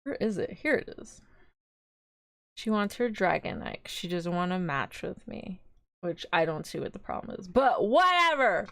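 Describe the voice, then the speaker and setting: A woman's voice: on the low side, very animated, moderate pace, a bit bright, dry recording, studio quality. A young woman streaming live as a vtuber, chatting casually in a rambling, giggly way.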